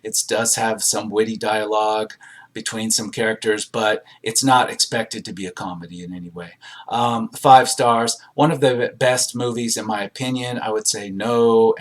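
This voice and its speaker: A man hosting a casual movie review, reading audience reviews aloud and adding rambling comments with frequent fillers. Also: lowish voice. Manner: rambling, many fillers and hesitations.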